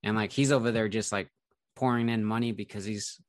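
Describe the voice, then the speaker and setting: A man with a low voice talks in an easygoing, chatty way, leaning on filler words. He is recorded close and dry, with no room sound around him. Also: steady tone, a little fast, no room sound. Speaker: investing YouTuber. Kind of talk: casual conversation between creators.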